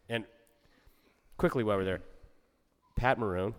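Low-voiced guy chatting, gets excited and stumbles over words, echo around him. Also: moderate pace. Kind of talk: casual chat.

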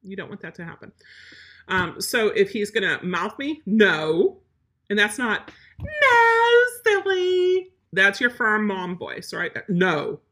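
A woman's voice: mid-range voice, a little slow, bright, forceful tone. A woman service dog trainer giving blunt, emphatic advice while answering viewer questions live. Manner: blunt, emphatic, matter-of-fact.

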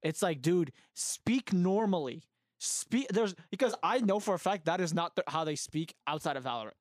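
A man's voice: fairly high pitch, brisk, no room sound, clean studio sound. A young man co-hosting a casual gaming podcast, ranting heatedly and swearing freely. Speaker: podcast co-host.

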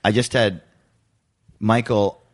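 A man hosting a podcast, telling excited stories in casual, swearing chat. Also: lowish voice, slow pace. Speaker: podcast host.

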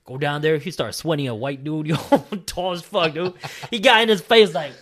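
A man's voice: on the high side, normal speed, a bit bright. A young man tells a night-out story in a loose, rambling way. He laughs often and swears freely, with plenty of slang. It sounds like casual talk between friends. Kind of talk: casual chat.

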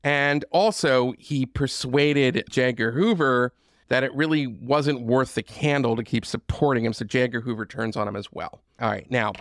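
A man with a gravelly, creaky voice tells history in a loose, conversational way, stacking asides and casual fillers. His pitch sits in the middle for a man. The sound is close and dry, with no room echo. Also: steady tone, moderate pace, fairly bright tone. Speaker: podcast host. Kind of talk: history podcast monologue.

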